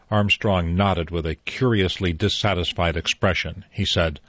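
A man narrating a mystery novel in a measured storytelling manner, on a dull lo-fi recording. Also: deep voice, steady tone, fairly bright tone, dry recording. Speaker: audiobook narrator. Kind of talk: scripted narration.

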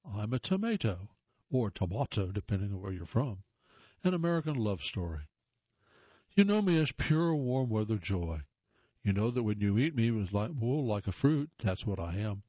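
A talking tomato tells its own story, voiced by a man reading aloud. The tone is mellow and relaxed. The sound is dry and slightly muffled. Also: fairly low pitch, normal speed, no room sound. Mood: chatty. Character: talking tomato narrating its history. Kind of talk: read-aloud first-person piece.

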